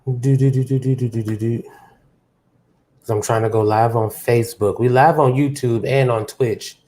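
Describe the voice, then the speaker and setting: A woman hosting a live podcast, chatting casually and a little out of breath, with loose slang and animated storytelling. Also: very deep voice, a little slow, slight background noise. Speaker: podcast host. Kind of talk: casual chat.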